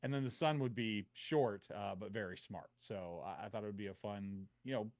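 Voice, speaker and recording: A man co-hosting a podcast, pitching an idea in casual chat, with many pauses and fillers. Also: a little mellow, no room sound. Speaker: podcast co-host.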